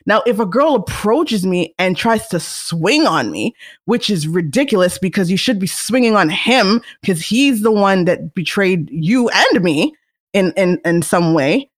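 A young woman hosting a solo podcast, talking casually in a chatty, animated way. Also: medium pitch, a little slow. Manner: chatty, animated, restarts and laughs. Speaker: podcast host.

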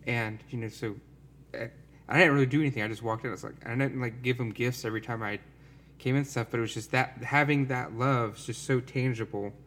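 A man's voice: medium pitch, steady tone, brisk, a bit bright. A man talking earnestly and rambling a little, full of fillers, in a casual conversation about faith.

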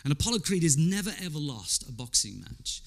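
A man delivering a sermon in a chatty, conversational way, with a voice pitched a little high for a man. He keeps throwing rhetorical questions at his listeners and often repeats words as he builds a point. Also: very animated, brisk, vocal fry. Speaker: preacher.

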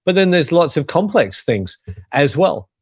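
A man preaching as a pastor, earnest and measured, leaning on key phrases for emphasis. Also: fairly high pitch, very animated, slightly rough, dry recording, studio quality. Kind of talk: sermon-style teaching.

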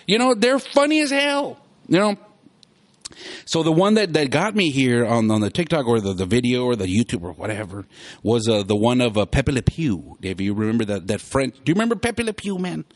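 Animated man hosting a show. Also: mid-range voice, a little fast. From South Texas. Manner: animated, rambling, laughs often. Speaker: podcast host. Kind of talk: casual chat.

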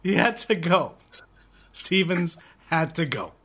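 Profane, teasing co-host, mid pitch, very animated intonation. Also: slow pace, slightly rough. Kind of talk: casual chat.

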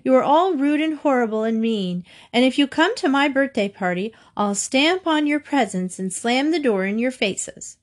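A woman's voice: medium pitch, expressive, normal speed, few pauses. A woman voicing a sulky, spoiled young girl in a children's story. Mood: petulant. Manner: stamping, petulant shouting.

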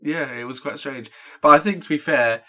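Bright-voiced man chatting. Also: on the high side, normal speed. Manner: rambling storyteller, many "like" fillers. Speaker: podcast co-host. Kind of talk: casual chat.

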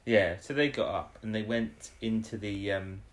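A man's voice: fairly low pitch, normal speed. Rambling man recapping a show. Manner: rambling, retells scenes with quoted voices. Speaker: podcast co-host. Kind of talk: casual chat recapping an episode.

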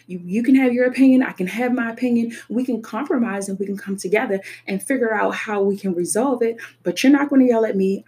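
A woman's voice: medium pitch, a little mellow. A young adult woman speaking earnestly and emphatically about personal experience, often repeating her points. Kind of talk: personal reflective talk.

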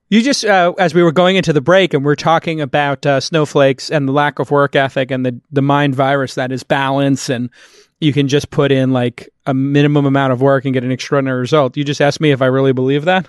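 A man from Brooklyn hosting a podcast, giving emphatic, animated opinions in casual interview talk. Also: medium pitch, brisk, clean tone, dry recording, studio quality. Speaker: podcast host. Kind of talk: casual interview and host-read ad.

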